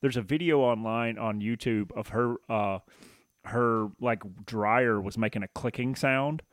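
A man's voice: medium pitch, unhurried, dry recording, clean studio sound. A man co-hosting a podcast with his wife, chatting in an easygoing way with some hesitant fillers. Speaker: podcast co-host. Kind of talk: casual chat.

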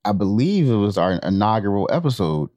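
A man with a low, mellow voice co-hosts a podcast and chats in a laid-back way. He gives short reactions and swears freely. The recording is dry. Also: sing-song, a little fast, dry recording. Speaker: podcast co-host. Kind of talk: casual podcast chat.

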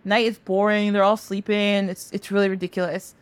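A woman's voice: medium pitch, flat delivery, a little fast, clear, resonant tone, no room sound, lightly acted. A woman voicing a sulky, gloomy female moon who complains in a mopey way.

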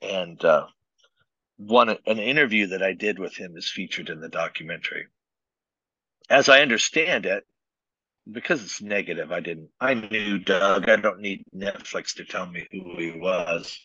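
Low-voiced pastor guy, husky but bright and forceful, chatty storyteller, bit dull lo-fi sound. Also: unhurried, dry recording. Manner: relaxed anecdotal storyteller. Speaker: pastor and author, interview guest. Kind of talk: casual storytelling in an interview.

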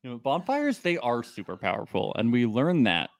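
A man's voice: medium pitch, wildly swooping pitch, normal speed, creaky, dry recording, clean studio sound. A man co-hosting a casual podcast, recapping a reality show with jokes and laughter. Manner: joking, often laughing, quoting people in put-on voices. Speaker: podcast co-host.

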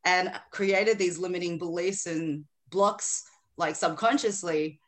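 A woman with an Australian accent, a mindset coach chatting as a guest on a podcast over a remote call, upbeat and quick to laugh. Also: on the low side, fairly even intonation. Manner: upbeat, laughs easily while talking. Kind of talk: casual podcast interview. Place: home, hot weather far from hosts.

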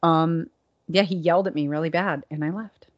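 A woman co-hosting a casual podcast chat, telling a story with lively acted-out quotes. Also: low voice, moderate pace. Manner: animated storyteller, acts out quotes. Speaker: podcast co-host. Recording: dull lo-fi sound.

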